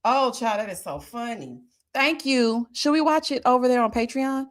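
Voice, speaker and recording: A lively woman hosts a casual live stream, talking straight to her viewers as she reads their comments aloud. Her voice sits a little high and swings widely in pitch. She laughs often and hums long murmurs of agreement. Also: moderate pace. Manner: chatty, talks straight to viewers.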